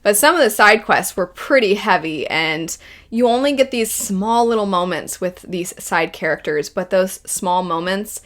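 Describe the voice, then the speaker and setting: A woman's voice: mid-range voice, lively intonation, normal speed, a bit bright. Gushing woman rambling about favorite stories. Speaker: video essay host. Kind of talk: casual enthusiastic commentary.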